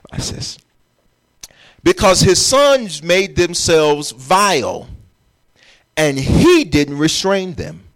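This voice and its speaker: A man's voice: fairly high pitch, big pitch swings, very slow, pauses often, a bit bright. A man preaching a sermon as pastor, emphatic and urging his congregation along as he explains scripture. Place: church.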